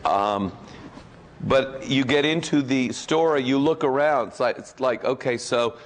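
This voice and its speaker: A man of middling pitch speaks as a convention's guest of honor. He tells rambling, joking anecdotes to the audience and keeps breaking off with fillers and restarts. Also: a little slow.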